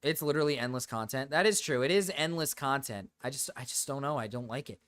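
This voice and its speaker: A man's voice: mid-range voice, fast, a bit bright. A man hosting a livestream, chatting casually and reading chat questions, rambling and self-deprecating. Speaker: streamer host.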